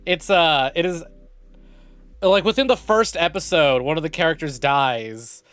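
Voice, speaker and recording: A man's voice: a little high, unhurried, fairly bright tone, clean tone, no room sound. A young man streaming live, greeting his chat over and over and rambling jokily with lots of swearing. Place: home streaming setup.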